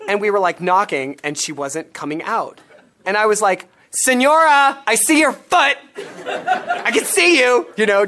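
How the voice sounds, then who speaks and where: A man talking as a guest in a casual interview, telling animated stories with bursts of laughter. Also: fairly high pitch. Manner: animated storyteller, acts out quotes with laughter. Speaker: guest, former missionary and stage performer.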